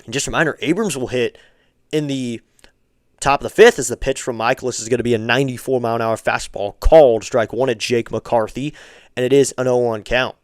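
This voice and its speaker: A man calling amateur baseball play-by-play on a live stream, calm between pitches and lifting his voice on each hit, with chatty asides to viewers. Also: a little fast, no room sound, studio quality.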